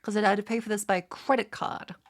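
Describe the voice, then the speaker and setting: A woman's voice: mid-range voice, steady tone, brisk. A woman with an Australian accent, chatting casually on a livestream and swearing freely. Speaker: streamer.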